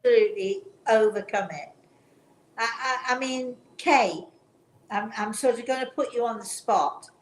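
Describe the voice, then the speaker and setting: A woman hosting a chat show, telling a personal story in an earnest, gentle way and often restarting her sentences. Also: a little high, normal speed. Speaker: talk show host. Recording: roomy sound with faint background noise.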